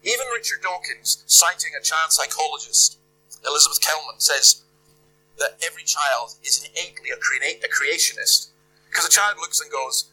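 A man's voice: fairly high pitch, normal speed, pushed and bright, faint music behind, poor audio. A man preaching a sermon in a conversational, emphatic way, firing off rhetorical questions. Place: church.

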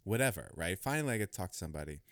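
A man hosting a podcast, telling a long story in a rambling, animated way with many restarts. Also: low voice, racing, no echo, clean studio sound. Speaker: podcast host. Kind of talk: casual storytelling chat.

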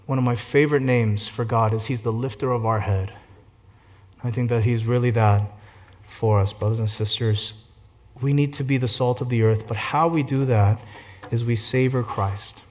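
Man, pastor, sermon, soft and gentle one moment, loud and fervent the next. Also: medium pitch, moderate pace. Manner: swings between gentle hushed passages and loud fervent climaxes.

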